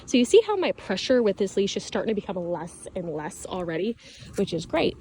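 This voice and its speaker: A woman dog trainer talking outdoors in a calm, steady, instructive way while working a dog, hot and sweating. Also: medium pitch, a little fast, a little hiss or hum, poor audio. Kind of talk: training vlog narration.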